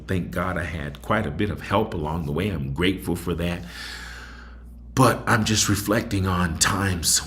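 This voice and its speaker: A man's voice: low-pitched, a bit bright. A middle-aged man hosting a solo talk show, reflecting in a rambling, conversational way with many fillers. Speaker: host.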